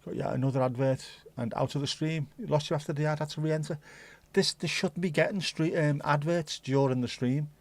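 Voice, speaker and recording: A man hosting a casual livestream, rambling and thinking out loud as he chats to his viewers. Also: a little high, steady tone, fairly quick, no room sound. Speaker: livestream host.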